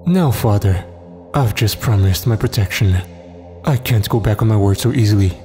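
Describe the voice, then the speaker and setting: A man voicing a cold, arrogant young male god who speaks in a calm, taunting way in a horror story. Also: on the low side, normal speed, over music, natural voice. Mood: calm menacing.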